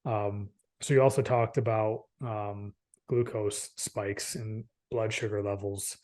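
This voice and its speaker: A man hosting a casual podcast and asking a guest questions. He talks in an animated way, laughs easily and uses many fillers. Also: on the low side, slow pace. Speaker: podcast host. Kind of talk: casual interview chat.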